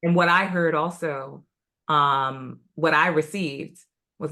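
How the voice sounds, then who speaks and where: A conversation partner sharing a memory in a reflective, halting way, with soft "mm-hmm"s in between. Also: mid-range voice, fairly even intonation. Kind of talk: casual conversation.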